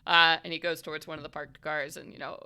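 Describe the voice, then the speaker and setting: A woman runs a tabletop horror game in a loose, conversational way, full of fillers. Her voice sits a little low but sounds bright and crisp. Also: fast talker. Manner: relaxed, chatty narration with fillers. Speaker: game master.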